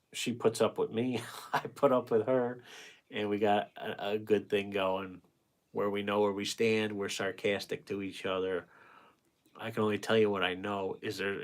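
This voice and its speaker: A man in his forties with a somewhat low voice, chatting casually on a livestream. He reads viewer comments out loud and answers them with frank, rambling advice. He swears freely and often breaks off mid-thought to start over. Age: 40s. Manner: blunt, rambling, swears freely, self-interrupting; gives frank dating advice to viewers by name. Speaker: painting livestream host.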